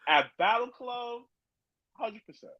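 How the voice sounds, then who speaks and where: A man's voice: extremely high pitch, animated, slow pace, no room sound, highs cut off. A man who referees wrestling, a guest telling stories in a laid-back, slangy way. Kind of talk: casual chat.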